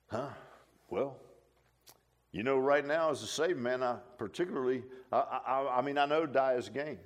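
An older man preaching a folksy, animated sermon, full of restarts and asides like "huh?". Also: on the high side, brisk.

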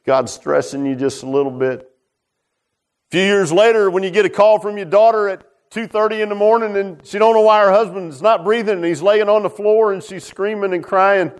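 A middle-aged man preaching a folksy testimony sermon, repeating "man" and "huh?", swinging between loud preaching and hushed low tones. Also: moderate pace, smooth. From Virginia.

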